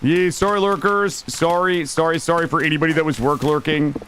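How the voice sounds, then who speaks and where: A man streaming a game live, excitable, swearing and talking to his chat. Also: fairly high pitch, fairly quick, a little hiss or hum. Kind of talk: live gameplay commentary.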